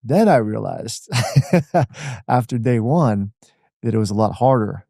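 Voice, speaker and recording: Animated, warm-voiced storytelling man. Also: medium pitch, slow, creaky, dry recording, clean studio sound. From Washington D.C. area, USA. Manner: animated, uses "man" and "like" a lot. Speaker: podcast guest. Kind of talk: conversational storytelling.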